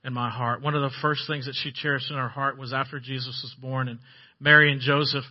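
A man preaching a sermon, telling stories with a voice that swells loud and then drops soft. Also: mid-range voice, level tone, fairly quick, highs cut off. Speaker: pastor.

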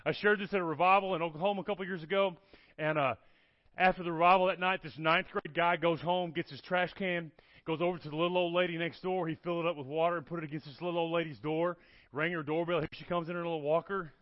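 His voice runs on the high side and his pace is quick as this guest preacher tells stories in a sermon. He keeps checking in with "okay? all right?" in an animated way, recorded dry and lo-fi with a dull tone and no echo.

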